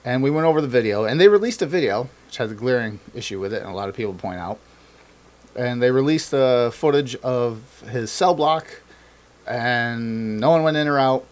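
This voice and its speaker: Animated swearing male co-host. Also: mid-range voice, normal speed. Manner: animated, swearing, acts out quoted politicians. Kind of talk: casual political chat.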